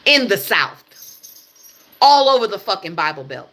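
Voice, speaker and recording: A young American woman hosts a livestream, her mid-range voice very animated, pushed and bright at a moderate pace. She delivers a heated, blunt, profane rant, hammering her points through repetition.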